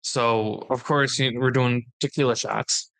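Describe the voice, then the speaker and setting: A man's voice: medium pitch, steady tone, unhurried, vocal fry, fairly bright tone. A young man co-hosting a podcast, telling a story in casual chat and acting out the dialogue. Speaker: podcast co-host.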